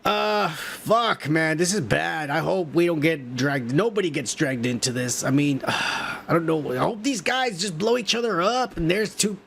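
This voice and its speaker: Drunk gravelly man ranting and swearing. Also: a little high, a bit bright, a little hiss or hum. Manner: profane, rowdy, jokey. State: drunk and high. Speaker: podcast host. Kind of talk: rambling casual commentary.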